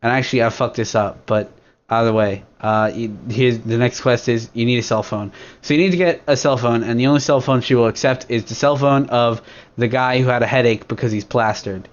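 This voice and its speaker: A man's voice: medium pitch, brisk. A young man hosting a casual podcast, rambling and crude, full of fillers and restarts as he walks through something step by step. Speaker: podcast host. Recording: dull lo-fi recording.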